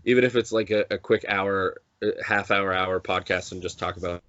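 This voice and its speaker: A man's voice: deep voice, steady tone, brisk, a bit bright, no room sound, lo-fi sound. A man co-hosting a podcast in casual chat, rambling with many restarts and acting out quotes. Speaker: podcast co-host.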